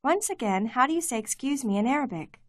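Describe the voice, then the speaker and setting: A woman giving clear, measured scripted narration for a language course. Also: high voice, lively intonation, no room sound. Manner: clear, measured teaching delivery.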